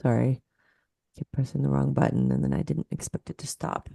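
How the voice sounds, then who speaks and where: Low, gravelly-voiced woman lecturing. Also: big pitch swings, a little fast, dark tone, no room sound, studio quality, soft background music. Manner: explanatory, counts beats aloud, laughs at her own slips. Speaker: musicology professor presenting. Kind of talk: lecture over video call. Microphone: video call.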